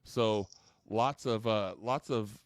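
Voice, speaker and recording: Low, smooth-voiced man telling stories. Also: takes it slowly, no echo, studio quality. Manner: rambling storyteller, jokey, many restarts. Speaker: podcast host. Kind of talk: casual chat.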